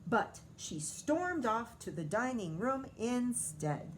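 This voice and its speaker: A woman's voice: on the high side, big pitch swings, takes it slowly, background noise. A woman teacher reading a picture book aloud to children, stopping often to comment and ask questions.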